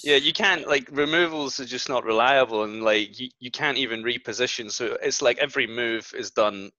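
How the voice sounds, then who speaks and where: A man's voice: mid-range voice, normal speed, bright, forceful tone, no room sound, dull audio. A man with a Scottish accent, a guest on a podcast, talking casually with dry, self-deprecating humour and laughing as he talks.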